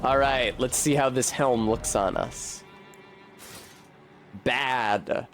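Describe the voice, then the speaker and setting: A man's voice: mid-range voice, slow pace, faint music behind. A man streaming a video game, chatting casually in a rambling, profane and wry way. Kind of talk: casual gameplay commentary.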